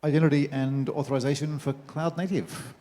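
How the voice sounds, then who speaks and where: Male event host, fairly high voice, quick intro, heard from afar in a hall. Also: steady tone, dark tone. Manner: brief, formal announcement. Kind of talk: introducing a speaker. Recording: distant voice in a reverberant hall.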